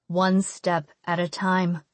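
A woman voicing a weak, tender teenage boy lying in a hospital bed, speaking softly and low. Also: flat delivery, measured pace, no echo. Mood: gentle.

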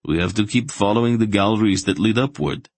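A man's voice: lowish voice, fairly quick, gravelly, a little mellow, no room sound, pitched above the performer's own voice. A man playing a plain, matter-of-fact underground guide.

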